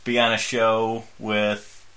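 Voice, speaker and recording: A man co-hosting a comedy podcast, making offhand dark jokes in casual banter. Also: on the low side, completely flat delivery, slow. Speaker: podcast co-host.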